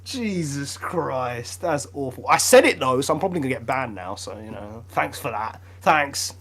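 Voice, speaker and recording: A man's voice: medium pitch, animated, fairly quick, fairly bright tone. A young man with a British accent, co-hosting a podcast in casual, laughing banter with mock outrage. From Britain. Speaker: podcast co-host.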